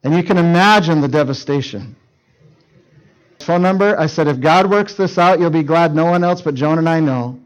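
A man's voice: on the high side, normal speed, poor audio. A middle-aged male pastor preaching to teenagers, telling a story and acting out the dialogue with urgency. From Canada. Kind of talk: sermon to teenagers.

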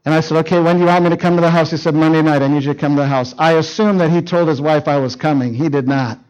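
Storytelling male preacher, fairly high voice. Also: steady tone, racing, darkish tone, lo-fi sound. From Canada. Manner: storytelling, acting out dialogue, urgent. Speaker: pastor. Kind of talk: sermon to teenagers.

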